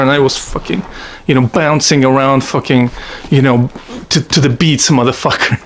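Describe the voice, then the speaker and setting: Russian-born guy ranting about his past, lots of swearing, kinda high voice, wanders off topic. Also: fairly bright tone. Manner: profane, blunt, digressive. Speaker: vlogger. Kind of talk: casual storytelling monologue.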